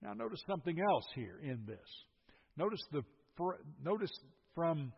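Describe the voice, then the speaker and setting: Explaining scripture verse by verse and breaking in with emphatic asides, an older man preaches in a fairly high, husky, sing-song voice at a moderate pace. The sound is dull and lo-fi, echoing with long hall reverb.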